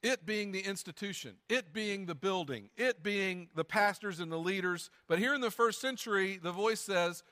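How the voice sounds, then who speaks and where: A man's voice: sits high, normal speed, hardly any pauses, bright, forceful tone, long reverb tail. A man preaching a sermon as pastor, reading scripture aloud and adding conversational, joking asides. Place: church sanctuary.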